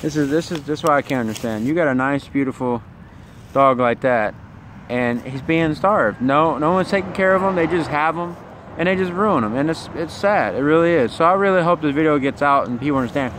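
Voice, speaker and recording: A man's voice: a little high, lively intonation, a little fast, fairly bright tone. A man filming a phone vlog outdoors at work, ranting and swearing in anger. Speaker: vlogger. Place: outdoors at a work site, near traffic. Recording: outdoor traffic noise.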